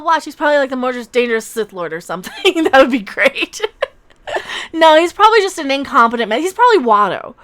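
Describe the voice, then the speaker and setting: A woman hosting a casual livestream, commenting in a sarcastic, mocking way, laughing often and swinging between loud outbursts and mutters. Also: sits high, sing-song, fast talker. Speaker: YouTube channel host.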